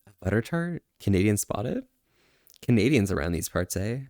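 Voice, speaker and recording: A man streaming and chatting casually, soft-spoken, drawing out slow words of praise. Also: fairly low pitch, sing-song, no echo, clean studio sound. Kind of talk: casual livestream chat.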